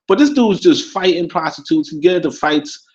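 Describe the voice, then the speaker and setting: A Caribbean-born man co-hosting a casual talk show, rambling and animated, with many restarts and laughs. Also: on the high side, a little fast, lo-fi sound. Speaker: podcast co-host. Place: in Africa.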